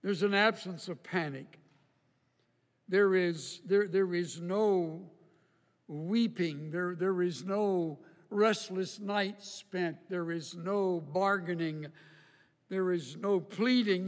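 A pastor delivers a sermon in a hall with long reverb, speaking in a high voice at an unhurried, measured pace. He builds to loud, emphatic peaks, then sinks low and slow.

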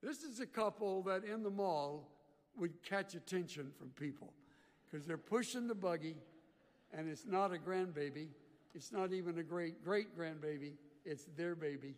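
A man preaching a sermon, swinging from loud emphatic bursts to quiet earnest asides. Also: high voice, normal speed, in a large hall. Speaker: pastor.

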